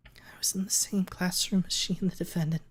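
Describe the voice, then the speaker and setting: A man's voice: high-pitched, steady tone, pitched above the performer's own voice. A man whispering as a pained teenage girl witness in whispered role-play. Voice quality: breathy whisper. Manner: quiet, measured, trembling.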